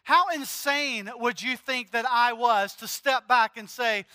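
A man's voice: very high-pitched, measured pace, hardly any pauses, pushed and bright, smooth. A man preaching a sermon as pastor, earnest and emphatic, driving points home through repetition. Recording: long hall reverb.

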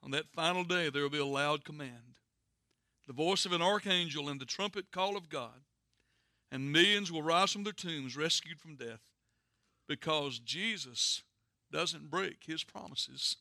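A man preaching a sermon, telling a story earnestly with dramatic pauses and hushed endings. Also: fairly high pitch, no echo, clean studio sound. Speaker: pastor.

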